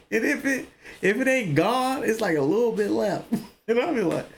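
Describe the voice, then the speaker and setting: A young man speaking tells a story in a casual podcast chat. His voice swoops widely and jumps up into loud, high exclamations. A faint hiss of noise sits under the recording. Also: sing-song, moderate pace, vocal fry. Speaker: podcast co-host.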